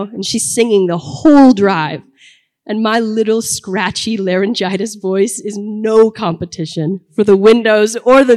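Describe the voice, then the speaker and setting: A woman's voice: mid-range voice, a little mellow. A young woman telling a personal story to an audience in a conversational, comic way that builds to punchlines. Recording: long hall reverb.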